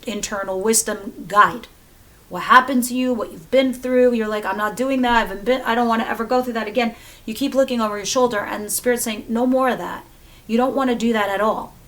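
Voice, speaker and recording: A woman's voice: medium pitch, fairly bright tone, a little hiss or hum. A woman giving a casual tarot reading, chatty and swearing freely as she talks to viewers. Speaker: tarot reader.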